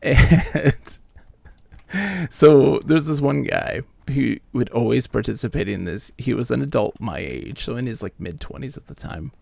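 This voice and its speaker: A man in his late thirties, a streamer telling casual stories while he plays a game, animated, acting out the people he quotes and swearing casually. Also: medium pitch, unhurried, creaky, no room sound. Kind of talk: casual storytelling while gaming. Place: home streaming setup.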